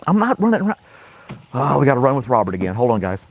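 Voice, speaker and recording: A man's voice: very animated, fast talker, slight background noise. A man hosting a casual morning live stream, talking playfully to his dog and catching his breath between bursts of play. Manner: playful baby-talk to his dog, high and loud. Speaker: host.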